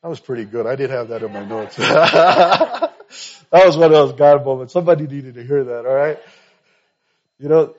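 A man preaching in a church, telling a story and then pushing his point home with sudden loud, emphatic bursts. His voice sits at a middle pitch, and the recording sounds a little dull and lo-fi. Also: moderate pace. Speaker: pastor. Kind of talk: sermon. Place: church sanctuary.

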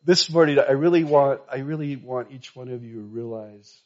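Man preaching with loud emphatic bursts. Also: medium pitch, moderate pace. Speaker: pastor. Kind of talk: sermon. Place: church sanctuary. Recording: slightly dull, lo-fi recording.

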